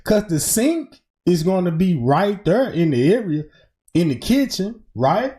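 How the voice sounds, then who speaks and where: Mellow, lively true-crime streamer. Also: measured pace. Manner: informal, keeps saying "boom" and "right?". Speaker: livestream commentator. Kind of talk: speculative true-crime commentary.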